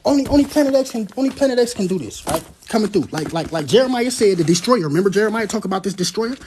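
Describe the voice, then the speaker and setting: A man gives animated, profane commentary, breaking into loud, dramatic scripture readings. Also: high voice, fast talker, a little hiss or hum.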